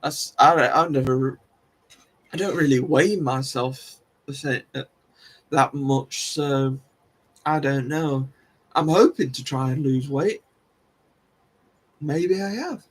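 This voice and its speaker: Speaking slowly with long pauses, the livestream host has a medium-pitched, breathy voice. He rambles casually to viewers, pokes fun at himself, and often restarts and laughs.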